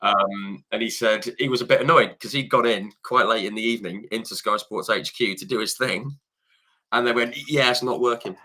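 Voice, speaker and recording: Bright-voiced man telling a story. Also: on the low side, steady tone, moderate pace. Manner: chatty storyteller, acts out quoted dialogue. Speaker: podcast host. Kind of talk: casual podcast chat.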